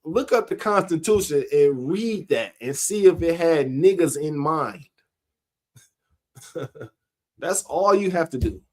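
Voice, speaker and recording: A man, giving a casual sermon-style monologue, slow and conversational, laughing between his points. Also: a little high, expressive, darkish tone. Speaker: street preacher.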